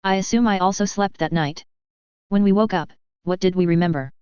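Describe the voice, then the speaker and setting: A woman reading fan fiction aloud, voicing an anxious but determined young witch who talks briskly and insistently, on a dull lo-fi recording. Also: fairly low pitch, a little mellow, clean tone, dry recording, close to an everyday voice. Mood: worried, brisk.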